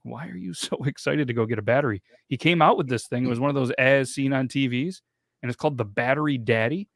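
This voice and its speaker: A man's voice: medium pitch, dry recording. A man in his late thirties hosts a podcast in loose, rambling chat. He swears freely and laughs often, and his voice sits in the middle of the male range. The sound is close and dry. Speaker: podcast host.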